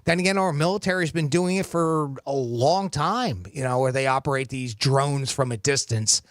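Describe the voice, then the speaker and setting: A man's voice: mid-range voice, normal speed, dry recording. Hesitant man radio co-host, dry studio. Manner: hesitant, lots of "you know" fillers. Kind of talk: casual radio chat. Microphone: studio mic.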